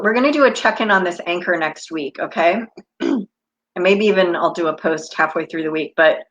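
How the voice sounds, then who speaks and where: Speaking in a mid-range, fairly bright tone over dull audio, this American woman in her fifties runs a live stream as an intuitive coach. She's chatty and spiritual, talking casually with viewers and often wandering off on tangents.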